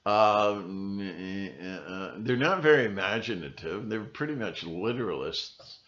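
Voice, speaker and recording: A man with a fairly low voice talks straight to his viewers in a loose, wandering monologue, now and then acting out what other people say. The recording sounds dull and lo-fi, with the top end cut off. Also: expressive, slow, a bit bright. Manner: rambling, breaks into mimicking voices. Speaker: video channel host. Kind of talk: casual monologue to camera.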